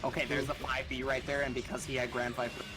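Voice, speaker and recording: A man's voice: medium pitch, little pitch movement, quick pace, rough recording. Man explaining fighting-game mechanics over music. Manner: technical explainer, laughs between points. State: has the hiccups. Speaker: tournament commentator. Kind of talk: live esports commentary.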